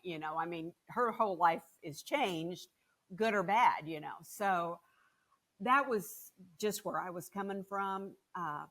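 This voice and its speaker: A woman's voice: fairly low pitch, slow pace, a bit bright. An older woman, a guest on a podcast, telling a family story in a chatty way with many fillers. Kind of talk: casual storytelling.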